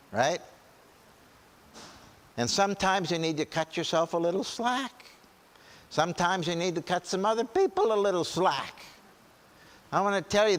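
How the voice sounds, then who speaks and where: A man's voice: on the high side, fairly bright tone. Man preaching in a reverberant hall. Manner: conversational, often asks "right?", frequent restarts. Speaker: seminar speaker at a church camp meeting. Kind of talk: church seminar talk. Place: large meeting hall.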